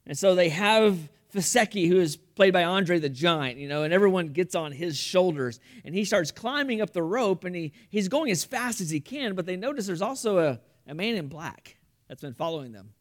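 Man, pastor, sermon, high voice, earnest, repeats words. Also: expressive, normal speed. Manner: earnest storytelling with frequent repetitions. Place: church room.

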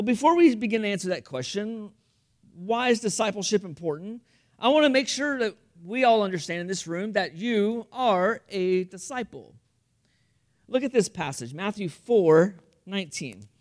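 A high-pitched male pastor preaches to his congregation in a church room. He speaks earnestly and often repeats himself as he builds each point. He shifts easily between storytelling and direct questions to the room. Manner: earnest storytelling with frequent repetitions. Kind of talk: sermon.

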